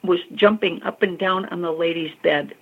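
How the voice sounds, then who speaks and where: Gravelly woman on a tinny line. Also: lowish voice, normal speed. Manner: expressive, calls the listener honey and girl. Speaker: psychic medium guest. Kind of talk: animated storytelling in an interview.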